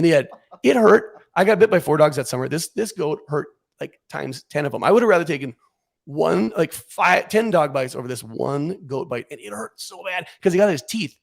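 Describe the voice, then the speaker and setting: A man as a podcast guest, telling a comic story in a casual, animated way, acting out what he and others said. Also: on the high side, vocal fry.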